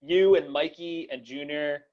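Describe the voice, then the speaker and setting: A man's voice: a little high, steady tone, unhurried, muffled recording. A young man hosting a podcast in casual chat, rambling with many fillers and restarts and laughing often. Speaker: podcast host.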